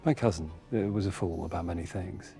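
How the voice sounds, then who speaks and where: An actor playing a suave gentleman in a period drama, smooth, flattering and formal. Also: low-pitched, brisk, soft background music.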